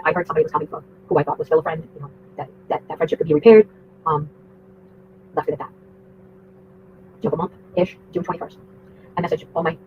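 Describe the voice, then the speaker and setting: A woman rants her way through a long story on a livestream, rambling and profane. She talks quickly. Her voice comes through a tinny, phone-like line with a faint hiss behind it. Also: deep voice.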